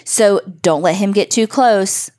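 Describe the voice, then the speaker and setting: A woman's voice: mid-range voice, a little slow, a little mellow, voice pushed up, natural voice. A woman playing a teasing older sister. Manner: teasing, mock-ominous. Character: teasing older sister, a girl fond of spooky legends.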